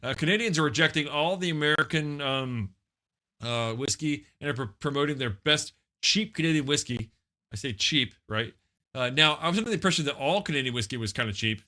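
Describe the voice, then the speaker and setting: A man's voice: a little high, a little fast, sharp tone. A man co-hosting a comedic talk show, delivering crude jokes and mock ad reads. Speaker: co-host.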